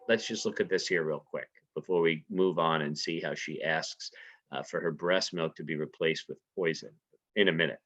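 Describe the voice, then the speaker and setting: Man lecturing with rhetorical questions, low voice. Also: normal speed, a bit bright. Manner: conversational, keeps asking rhetorical questions and saying "right?". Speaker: teacher. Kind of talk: literature lecture. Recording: dull lo-fi recording.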